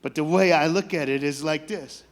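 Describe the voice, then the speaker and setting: A man preaching a sermon in a storytelling way, dropping to quiet asides and then rising to loud, shouted preaching. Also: fairly high pitch, normal speed. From grew up in foster care. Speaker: guest preacher.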